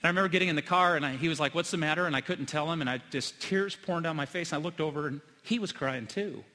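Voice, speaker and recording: Man, middle-aged, pastor, sermon, earnest storytelling, loud-to-hushed swings, long church reverb. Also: a little high, fast. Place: church sanctuary.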